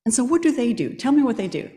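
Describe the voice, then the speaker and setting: A woman's voice: fairly high pitch, quick pace. Woman preaching in an echoey hall. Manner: lively storytelling, quizzing the congregation. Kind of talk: sermon.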